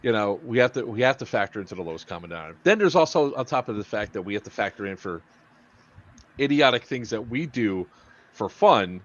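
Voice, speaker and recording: A man's voice: fairly low pitch, lively intonation, fast talker. A man hosting a podcast in casual group chat, telling rambling stories with plenty of swearing and laughter. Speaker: podcast host. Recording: muffled lo-fi podcast audio.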